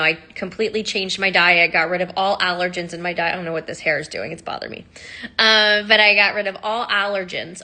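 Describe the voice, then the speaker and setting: Woman with a bright voice talking candidly about her past, animated, lots of ums and likes. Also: mid-range voice. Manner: candid and animated, with fillers and laughs. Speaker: sound healer telling her story. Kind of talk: personal storytelling to camera.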